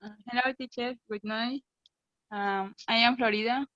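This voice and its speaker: A young woman, a native Spanish speaker, gives a halting class presentation in English, with many fillers. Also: on the high side, steady tone, a bit bright, no echo, highs cut off. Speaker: student presenter.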